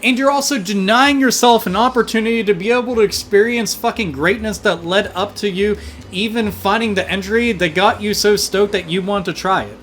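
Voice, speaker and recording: High-voiced man ranting on a livestream. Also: a little fast, a little hiss or hum. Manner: profane, animated ranting. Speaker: livestream gaming host. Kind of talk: casual livestream chat.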